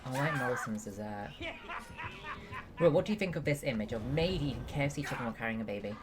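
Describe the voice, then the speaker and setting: A woman's voice: rumbling low, expressive, quick pace, over music. A woman, streaming a game and chatting playfully with viewers as she reads the chat. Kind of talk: casual live-stream chat, reading and answering viewers.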